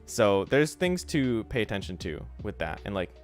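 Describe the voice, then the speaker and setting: A relaxed man with a fairly low voice hosts a casual study stream, chatting loosely and full of "like"s while he sounds out Japanese words to show pronunciation. Soft music plays faintly underneath. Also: moderate pace. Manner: frequent fillers like "like" and "so". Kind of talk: casual instructional livestream.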